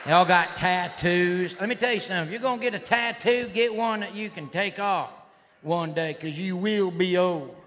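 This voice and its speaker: A man performing a stand-up routine in a rowdy redneck persona, drawling and shouting. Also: sits high, normal speed. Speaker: stand-up comedian. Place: live comedy stage. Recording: live hall recording with crowd noise. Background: audience laughter and noise.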